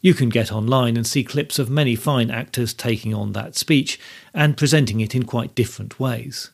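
A man hosting a history podcast, giving a measured, scripted talk that explains things step by step. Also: mid-range voice, gravelly, slightly rough. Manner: measured, explanatory, reads quotes aloud. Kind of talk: scripted educational narration.

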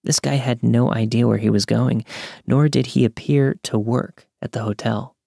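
A young man calmly narrating a true scary story from a script. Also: medium pitch, creaky, dry recording, studio quality. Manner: calm, measured storytelling.

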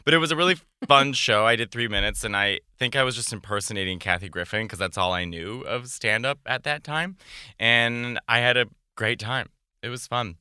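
A man, a stand-up comedian, chatting casually and eagerly on a podcast, rambling and repeating himself when excited. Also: mid-range voice, a little fast, clear, resonant tone, no echo, studio quality.

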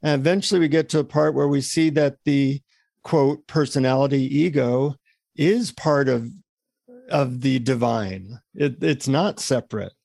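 A man at an ordinary pitch talks reflectively as he co-hosts a podcast, working through ideas. His voice is dry and close, with no room sound, and comes over a video call. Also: a little slow, vocal fry, a little mellow, no room sound. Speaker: podcast co-host. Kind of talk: casual conversation.

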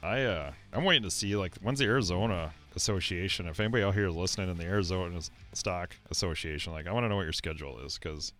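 A man's voice: sits low, fast, hardly any pauses, fairly bright tone, soft background music. A man co-hosting a racing talk show, chatting in an easygoing, joking, rambling way. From South Dakota. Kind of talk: casual chat.

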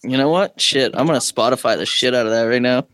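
A man co-hosting a casual podcast, excitable and laughing, with lots of "like" and "dude". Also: mid-range voice, fast talker, no room sound, clean studio sound. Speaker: podcast co-host.

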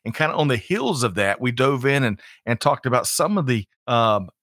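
A man's voice: mid-range voice, lively intonation, normal speed, a bit bright, no echo, studio quality. A man co-hosting a live business show, chatting casually and greeting the audience. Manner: folksy, reads out audience greetings. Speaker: livestream co-host.

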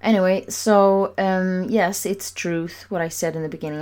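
Woman, deep voice, candid confessional vlog, emphatic and repetitive. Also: level tone, measured pace, few pauses, a little mellow. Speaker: vlogger.

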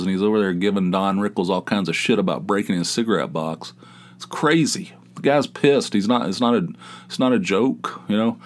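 Middle-aged guy podcasting alone, kinda low voice, just rambling along telling stories. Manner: rambling, conversational storytelling. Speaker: podcast host. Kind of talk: casual solo monologue.

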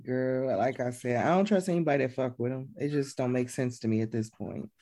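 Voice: mid-range voice, brisk, dark tone. A co-host of a casual gossip podcast, giving blunt, opinionated commentary.

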